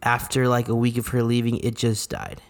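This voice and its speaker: A man's voice: medium pitch, completely flat delivery, normal speed. A young man co-hosting a podcast, chatting casually in a rambling way with lots of fillers. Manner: rambling, full of fillers like "you know what I mean". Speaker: podcast co-host. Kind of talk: casual chat.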